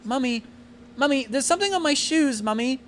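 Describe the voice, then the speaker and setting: A man squeaking as a whiny little girl. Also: expressive, a little fast, a bit bright, slight background noise.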